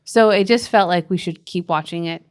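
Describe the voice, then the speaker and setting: A podcast co-host and parenting author with a lowish voice earnestly tells a family story in casual chat. She restarts quickly and laughs softly along the way.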